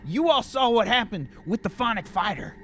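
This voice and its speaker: A frantic street ranter with a high, shrill voice that swings up and down, loud and wild-eyed, as a game master puts him on. He shouts his paranoid complaints in a bright, piercing tone. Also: animated, moderate pace, slight background noise. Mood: accusing. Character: ranting conspiracy-minded man claiming he can fly.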